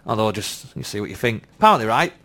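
A man co-hosting a podcast who rambles through ideas and gets flustered and shouty. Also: lowish voice, big pitch swings, fast. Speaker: podcast co-host. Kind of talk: casual banter.

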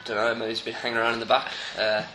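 A man co-hosting a comedy podcast, telling stories deadpan and acting out the people in them. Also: mid-range voice, very fast. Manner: deadpan, acts out characters in his stories. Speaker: podcast co-host. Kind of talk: casual comedy chat, storytelling. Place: busy coffee shop. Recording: echoey cafe with clear background noise.

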